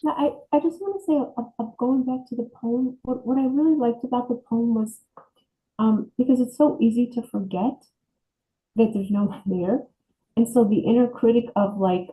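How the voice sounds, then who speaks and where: Mellow, earnest woman sharing thoughts. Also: a little high, moderate pace, slight background noise, rough recording. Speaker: group participant. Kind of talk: casual sharing.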